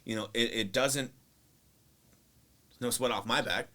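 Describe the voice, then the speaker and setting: A man's voice: medium pitch, unhurried, pushed and bright. A man co-hosting a casual couples podcast, rambling with lots of fillers and teasing his partner playfully. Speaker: podcast co-host.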